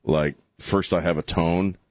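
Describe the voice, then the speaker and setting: A middle-aged man talks in a casual, self-mocking way, and his voice sits very low. The sound is dry and close, with no room around it. He keeps turning questions back to his guest. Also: measured pace, dry recording. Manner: relaxed, self-deprecating, asks follow-up questions. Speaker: podcast host. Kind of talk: casual chat.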